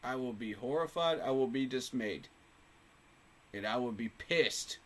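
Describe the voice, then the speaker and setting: A man's voice: mid-range voice, animated, a little slow, fairly bright tone. Passionate, emphatic male sports fan. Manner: passionate, emphatic, repeats phrases for effect. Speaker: sports fan channel host. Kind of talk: casual fan commentary to camera.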